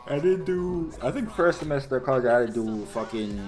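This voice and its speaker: A man's voice: mid-range voice, lively intonation, a little fast, a little mellow. Young guy cohosting a chill podcast, cussing a lot, laughs a bunch, faint music in the back. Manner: loose, profane, laughing often. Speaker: podcast co-host. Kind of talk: casual chat.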